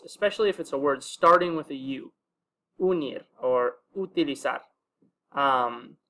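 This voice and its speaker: Relaxed man teaching a casual lesson. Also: on the high side. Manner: relaxed, with many fillers, slows to sound out example words. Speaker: language teacher.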